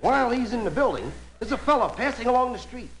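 A man's voice: very high-pitched, expressive, quick pace, low-quality recording. A man telling folksy jokes as a stand-up comedian, laughing at his own stories before a live audience. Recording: archival live recording with music and audience.

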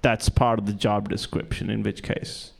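A man's voice: on the low side, level tone, moderate pace, creaky. Stammering man doing stand-up. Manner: self-deprecating, stammering restarts. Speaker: stand-up comedian. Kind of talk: stand-up comedy set. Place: comedy club stage with live audience. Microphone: handheld stage mic.

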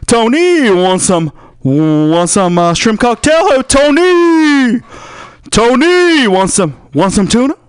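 A man voicing a loud seafood counter worker who keeps hawking food at a customer. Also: very high-pitched, big pitch swings, slow, clean tone, no echo, clean studio sound, pitched above the performer's own voice, full character voice. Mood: pushy hawking. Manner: shouting, pushy, repetitive hawking.

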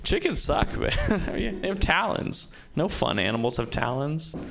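A man's voice: on the high side, sing-song, a little slow, vocal fry, fairly bright tone. A man doing a rambling, self-mocking stand-up comedy set, acting out little quotes, at an open-mic venue.

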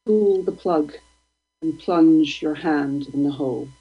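Woman reading poetry, gravelly, husky, slow deliberate delivery, dull lo-fi stream. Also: sits low. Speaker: guest poet.

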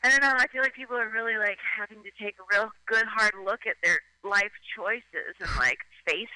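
A woman's voice: mid-range voice, a little fast, bright, forceful tone, dry recording. A woman calling in to a radio show, talking in a rambling, casual way with lots of "like" and acted-out voices. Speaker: phone-in guest. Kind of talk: casual chat. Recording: tinny phone line.

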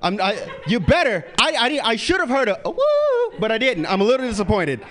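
A man doing a stand-up comedy set, profane and animated, jumping into quick character bits. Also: very high-pitched.

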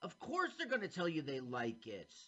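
A man co-hosting a podcast, casually commenting on an animated film as it plays, animated and chatty. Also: a little high, normal speed. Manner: animated, talks over the film. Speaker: podcast co-host. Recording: dull lo-fi sound.

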